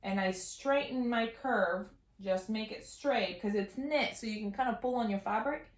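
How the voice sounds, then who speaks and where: A woman's voice: a little high, normal speed. A young woman hosting a sewing tutorial, bubbly and self-teasing, talking as she works at a serger. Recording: roomy echo, faint machine noise.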